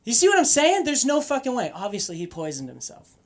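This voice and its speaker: A young man from Boston doing an open-mic stand-up set, animated and profane, swinging between loud punchlines and muttered asides. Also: very high voice, fairly quick. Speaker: stand-up comedian. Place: comedy club stage.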